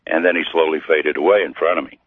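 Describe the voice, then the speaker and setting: Deep husky middle-aged guy telling his story, lots of uhs, dry phone-line sound. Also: fairly even intonation, no room sound. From Missouri. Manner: slow, halting with many fillers. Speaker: guest. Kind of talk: storytelling interview. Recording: tinny phone-like radio line.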